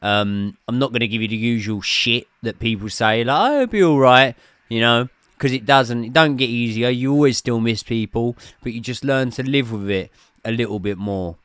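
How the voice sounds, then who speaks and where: A man's voice: mid-range voice, steady tone, normal speed, fairly bright tone, clear, resonant tone, dry recording. Chatty man hosting a stream. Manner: chatty, swears casually, reads out viewer messages. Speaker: host of a football watchalong stream. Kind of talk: casual live-stream chat and commentary.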